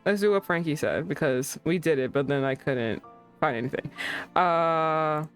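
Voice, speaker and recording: A young woman hosting a casual livestream chat, excitable, swearing and breaking into laughing outbursts. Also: low voice, moderate pace, soft background music. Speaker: streamer host.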